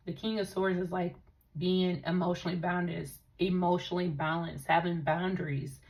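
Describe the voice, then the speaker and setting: A woman's voice: fairly low pitch, poor audio. A woman giving a tarot reading in an earnest, emotional way, with many fillers as she talks. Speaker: tarot reader. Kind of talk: intuitive tarot reading monologue.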